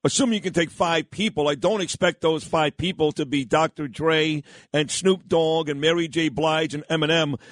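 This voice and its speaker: A man's voice: on the high side, fairly even intonation, moderate pace, hardly any pauses, no room sound. A man hosting a morning talk radio show in an effusive, announcer-like way.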